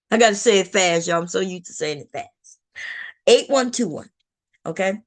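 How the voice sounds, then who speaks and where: A woman talks straight to her viewers on a casual livestream. Her pitch sits mid-range. She is chatty and circles back over the same points as she goes. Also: moderate pace. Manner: chatty, repetitive, addresses viewers directly. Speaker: livestream host.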